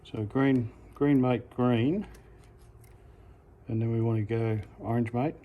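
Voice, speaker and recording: An Australian man walks through a practical task step by step in a laid-back, everyday way. He speaks slowly at a middling pitch and pauses with small fillers and quick self-corrections. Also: narrow, tinny audio. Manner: relaxed, unhurried, self-correcting with "uh" and "sorry, correction". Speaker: amateur radio hobbyist. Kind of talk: casual how-to demonstration.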